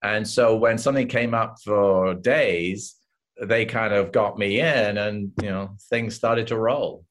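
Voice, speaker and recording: A man with an English accent, an actor guest telling lively anecdotes in a casual interview and quoting others with voices. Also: lowish voice, slow, a little hiss or hum. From England.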